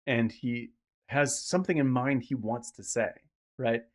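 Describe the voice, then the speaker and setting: Animated man retelling a film scene. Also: mid-range voice, measured pace. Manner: animated, acts out characters' lines mid-story; swears casually. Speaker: podcast co-host. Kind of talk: casual film discussion.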